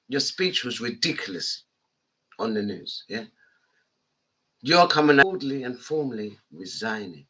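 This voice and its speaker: A woman's voice: a bass voice, expressive, a little slow, long pauses, a bit bright, husky. A woman radio DJ, ranting angrily and addressing listeners directly. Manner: angry, indignant, direct address. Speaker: radio DJ and host.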